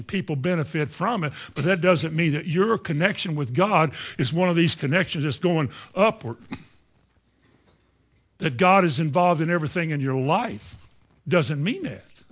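A man preaching a sermon, moving between quiet asides and loud, emphatic lines. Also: fairly high pitch.

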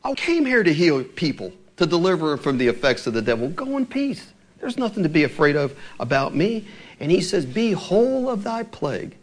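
A male preacher whose voice sits a little high for a man and leaps up and down as he tells the old stories. He keeps slipping into the voices of the people in the passage, then drops back into plain talk. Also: a little fast. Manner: animated storytelling preaching, acting out scripture quotes. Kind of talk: sermon.

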